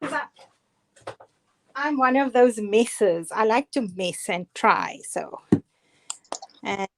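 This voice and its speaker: A woman's voice: a little high, expressive, slow. A middle-aged woman with a Cape Town South African accent, casually demonstrating card making, chatty and self-deprecating with frequent laughs. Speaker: guest crafter demonstrating cards. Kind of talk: casual live craft demonstration.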